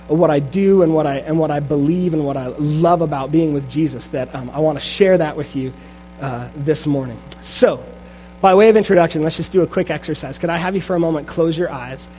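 A young adult man preaching a sermon in church, lively and full of restarts, turning quiet and slow for a guided meditation. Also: a little high, slight background noise. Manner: energetic with frequent restarts, then hushed guided meditation. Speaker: pastor. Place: church sanctuary.

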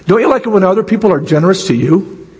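A pastor preaching a sermon with a hoarse, raspy voice. He builds toward near shouts at his high points. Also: lively intonation, quick pace, big-room sound.

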